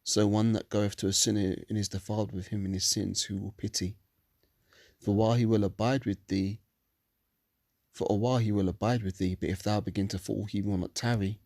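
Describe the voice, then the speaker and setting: A man's voice: lowish voice, a little mellow, no room sound. A man reading scripture verses solemnly and breaking into profane, angry commentary. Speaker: religious commentator.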